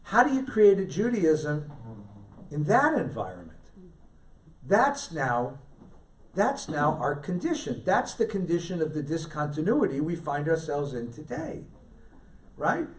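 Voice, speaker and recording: A middle-aged man with a high, very lively voice gives a storytelling lecture as a rabbi. He keeps repeating his key lines for weight and throws in jokey asides. He is picked up from some distance in a synagogue hall. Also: unhurried, pauses often.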